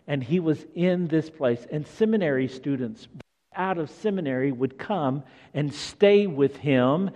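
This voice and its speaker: A man preaching a sermon, telling the story in an animated way and acting out the scenes. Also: on the high side, a little slow, in a large hall.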